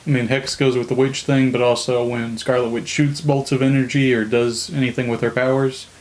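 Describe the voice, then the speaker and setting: A man's voice: medium pitch, little pitch movement, a little fast, rough recording. Young man with dry asides. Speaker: podcast co-host. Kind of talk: casual chat about a TV episode.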